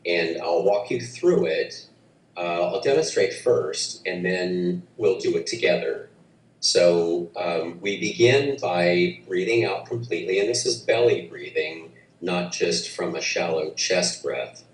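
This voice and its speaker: A man teaching a breathing practice, speaking gently and haltingly with many restarts. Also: low-pitched, a little hiss or hum. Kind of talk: guided breathing instruction. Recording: roomy, distant mic, faint ambience.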